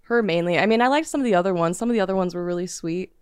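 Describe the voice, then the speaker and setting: Low, smooth-voiced woman co-host. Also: racing, darkish tone, no room sound, clean studio sound. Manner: brief agreeing replies. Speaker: podcast co-host. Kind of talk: casual chat.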